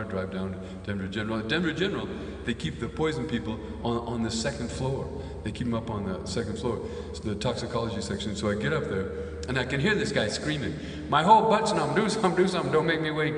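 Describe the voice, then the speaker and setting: A veterinarian and comedian telling a rambling comic story with stammered repeats. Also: male voice, on the low side. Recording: distant echoey hall with faint noise.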